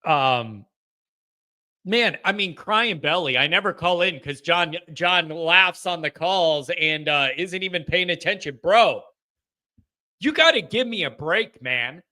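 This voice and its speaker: A man hosting a casual live call-in fan show, talking in an animated way and often laughing. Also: a little high, takes it slowly. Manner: animated, laughing, mocking chat comments in a shouted voice. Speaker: host of a fan call-in livestream.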